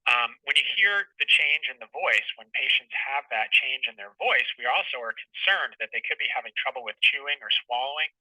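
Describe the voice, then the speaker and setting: A man's voice: mid-range voice, lively intonation, fairly quick, hardly any pauses, sharp tone, no room sound, distant mic, rough recording. A man who is a clinician, giving a medical webinar lecture in a patient, explanatory teaching tone.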